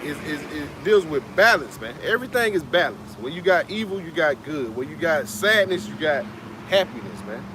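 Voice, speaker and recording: A very animated man with a voice on the high side speaks at a moderate pace amid background noise. He's a street preacher doing casual preaching talk in an Atlanta-area city, frequently adding "man" to what he says and chuckling occasionally.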